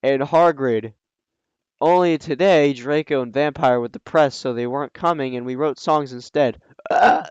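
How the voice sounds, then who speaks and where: A man reading a story aloud and breaking in with sarcastic, scoffing asides, often pausing with ums. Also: medium pitch, smooth, dry recording, dull audio. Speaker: reader and commentator. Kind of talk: reading a fan story aloud with mocking commentary.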